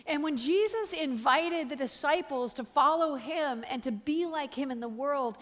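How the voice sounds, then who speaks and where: Canadian lady preacher, high voice, chatty and animated, big echoey hall. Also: normal speed. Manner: animated, chatty, full of "like" and "uh", acts out quotes in higher voice. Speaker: guest preacher. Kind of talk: storytelling sermon. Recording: long reverb of a large hall.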